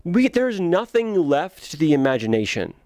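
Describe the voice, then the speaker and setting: A man in his twenties giving sarcastic, animated comedic commentary on bad movies as a video host. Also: fairly high pitch, moderate pace, slight background noise.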